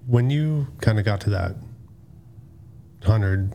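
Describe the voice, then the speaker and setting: A man's voice: on the low side, slow, gravelly, dark tone, a little hiss or hum. A man co-hosting a podcast, asking casual, tentative questions.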